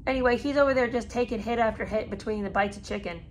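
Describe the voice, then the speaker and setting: A woman reads passages from a memoir in a plain, steady voice, then cuts in with her own sarcastic, disbelieving commentary. She is a podcast host talking straight to her listeners. She sounds like a mother of three who has no patience for nonsense. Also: fairly high pitch, fast talker, a little hiss or hum. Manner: sarcastic, incredulous asides between read passages. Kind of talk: reading a memoir aloud with commentary.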